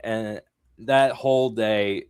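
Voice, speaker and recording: Low-pitched guy on a podcast, animated storyteller, dry close mic. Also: slow, clean tone, no echo. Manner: animated storytelling, swings loud and soft. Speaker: podcast co-host. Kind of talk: casual podcast chat.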